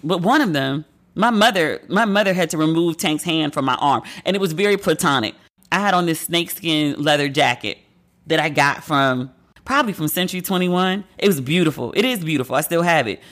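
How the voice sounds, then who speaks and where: A woman's voice: sits low, lively intonation, a little fast, fairly bright tone. A woman host in casual chat, telling candid, profane stories with playful acted asides. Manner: candid, profane, gossipy storytelling.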